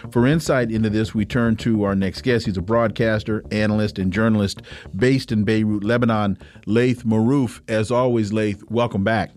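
A man hosting a radio talk show, introducing guests and reading news items in a brisk broadcaster manner. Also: on the low side, a little mellow. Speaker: radio host.

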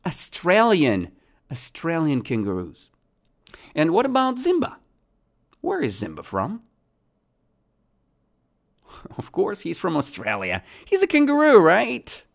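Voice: medium pitch, huge pitch swings, takes it slowly, creaky, long pauses. An English teacher running a lesson, asking questions and answering them, repeating key words, with non-native grammar.

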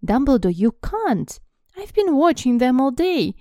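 A woman's voice: mid-range voice, takes it slowly, dark tone, dry recording, studio quality, close to an everyday voice. A woman reading aloud as an agitated older woman professor, protesting with emphasis.

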